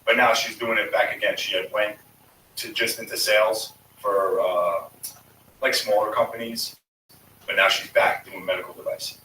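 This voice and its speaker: A man's voice: on the low side, flat delivery, normal speed, bright, forceful tone, far from the mic. A man in his thirties, a former sanitation worker, telling stories in a casual, blunt and profane way. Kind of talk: casual storytelling. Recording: echoey room, voice off-mic, faint room noise.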